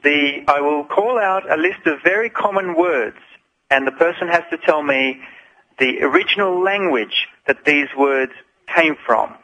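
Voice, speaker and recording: A man calling in to a radio show and reading out word lists for a language quiz, slowly and deliberately. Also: fairly high pitch, pushed and bright, lo-fi sound. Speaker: radio guest, quiz caller.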